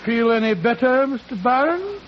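A bluff, excitable doctor sidekick. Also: male voice, very high voice, moderate pace. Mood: eager. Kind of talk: 1940s radio acting. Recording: dull old radio recording with hiss.

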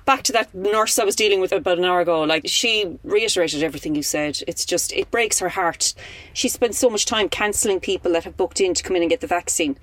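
A woman's voice: fairly low pitch, a little fast, a bit bright, dry recording. A woman with an Irish accent hosting a casual radio interview, prompting her guest with chatty questions. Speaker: radio host.

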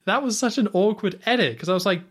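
This co-host's voice is high, animated, fast, and slightly rough. Recounting a movie scene on the podcast, he's chatty, full of "like," and throws in playful quoted reactions.

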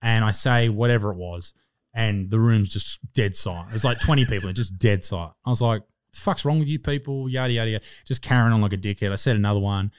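A man's voice: lowish voice, fast, clean tone, no echo. An Australian man in his twenties, a stand-up comic telling rambling stories in casual chat and swearing constantly. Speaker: stand-up comedian and podcast guest.

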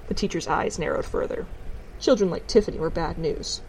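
Woman narrator, storybook reading, measured delivery. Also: fairly low pitch, a little mellow, a little hiss or hum, rough recording. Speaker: audiobook reader.

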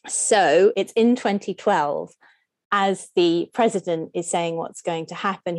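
A woman scholar speaking as a podcast guest, explaining at length. She talks in an animated way, leaps up in pitch when joking, and asks strings of rhetorical questions. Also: a little slow, no room sound. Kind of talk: podcast interview.

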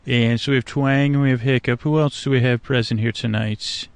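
Guy rambling to frogs by a swamp at night, gravelly low-key voice, lots of uhs and restarts, dry close sound. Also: steady tone, fairly quick, no room sound. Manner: meandering, hesitant, full of restarts and fillers, talks to frogs. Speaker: sleep podcast host. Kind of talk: rambling improvised monologue to nature.

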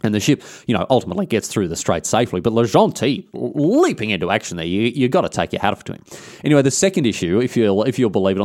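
Fast, lively Australian man telling history. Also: lowish voice, no room sound, studio quality. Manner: animated, slangy, irreverent. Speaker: podcast host. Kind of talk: casual history storytelling.

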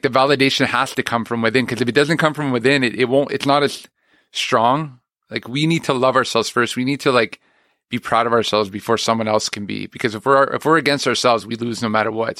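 A man's voice: mid-range voice, sharp tone, dry recording, clean studio sound. A man, an actor and music teacher, talking candidly and rambling in a casual interview. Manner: candid, rambling, self-deprecating.

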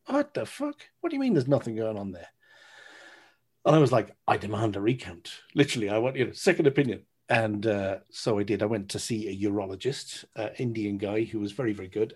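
Podcast guest, man in his thirties, husky voice, candid and animated storyteller. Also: mid-range voice. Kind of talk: casual storytelling.

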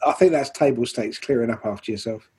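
Mellow, husky-voiced man reading listener mail. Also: medium pitch, quick pace. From England. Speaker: podcast co-host reading listener messages. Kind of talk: casual chat.

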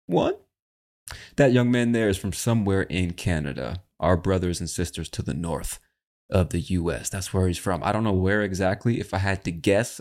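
A man with a low-pitched, somewhat dark voice hosts a casual English-learning podcast. As an English teacher, he keeps things laid-back and chatty, with the occasional swear word.

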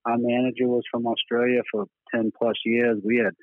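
A man's voice: medium pitch, little pitch movement, moderate pace, no echo. Boston man on a tinny phone line. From Boston, USA. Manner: laid-back, swears freely, tells stories with acted quotes. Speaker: band musician guest. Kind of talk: casual phone interview.

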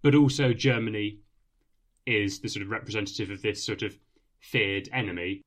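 A man's voice: fairly low pitch, normal speed. A man co-hosting a podcast, agreeing often and explaining points at length in casual chat. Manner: agreeable, explanatory, many yeahs. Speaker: podcast co-host. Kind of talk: casual chat reviewing a TV episode.

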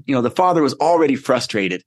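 A man's voice: mid-range voice, lively intonation, fast talker. A middle-aged man hosting a motivational podcast, telling stories in an earnest, conversational way. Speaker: podcast host.

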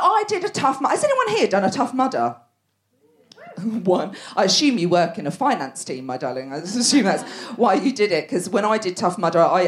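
A woman in her forties performing a brash, animated stand-up routine on a theatre stage. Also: lowish voice. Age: 40s. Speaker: stand-up comedian.

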